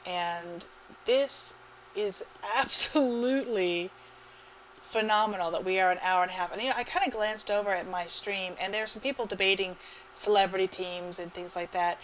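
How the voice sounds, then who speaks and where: Woman commentator, live game match, chatty and excitable, mid pitch, faint hiss behind. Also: normal speed, low-quality recording. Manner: chatty, laughs often, excitable. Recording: faint background noise.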